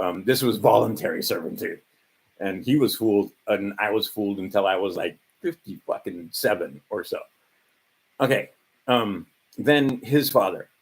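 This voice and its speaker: Husky, animated man rambling around 60. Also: on the low side, poor audio. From Hawaii. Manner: rambling, profane, with frequent fillers and laughing asides. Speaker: vlogger. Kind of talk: rambling monologue vlog.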